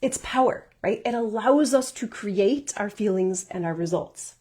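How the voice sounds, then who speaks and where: A woman's voice: mid-range voice, expressive, measured pace, warm tone, husky. A woman life coach giving a workshop talk, earnest and encouraging, often checking in with "right?" as she goes.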